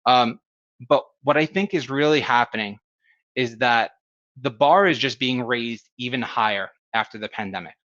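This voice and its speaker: Guy giving a keynote talk, bright voice, lots of ums, kinda dull dry audio. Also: mid-range voice, moderate pace, no room sound. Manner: conversational, many fillers and restarts. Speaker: keynote speaker. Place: home or office, remote virtual event.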